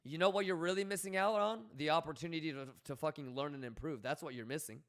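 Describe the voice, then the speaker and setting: A man's voice: fairly high pitch, fast, fairly bright tone. A man hosting a livestream, talking casually and bluntly to his chat, swearing often and coaching viewers. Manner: blunt, profane, coaching tone, reads chat aloud. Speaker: livestream host.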